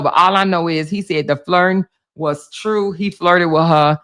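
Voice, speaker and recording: A woman with speech doing casual gossip commentary on a livestream, animated, laughing often, swearing freely and talking straight to her chat. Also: lowish voice, moderate pace.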